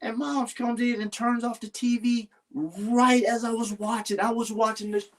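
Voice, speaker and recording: A man's voice: extremely high pitch, level tone, normal speed, a bit bright. A man talking earnestly in a casual heartfelt conversation, rambling and restarting his sentences. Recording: voice a little far from the mic.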